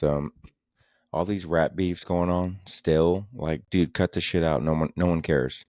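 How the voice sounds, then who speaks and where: A young man with a very low, deep voice rants his way through a casual comedy podcast. He talks in loose, profane, exasperated bursts. The sound is close and dry, with no room around it. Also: darkish tone, no echo. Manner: rambling, profane, exasperated ranting. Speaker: podcast host.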